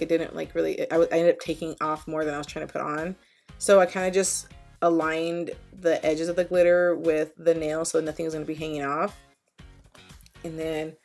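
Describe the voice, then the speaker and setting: A woman's voice: low voice, creaky, a little mellow. A woman chatting casually as a beauty vlogger, rambling and self-deprecating with lots of fillers. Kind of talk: casual voice-over chat. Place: home, at her desk.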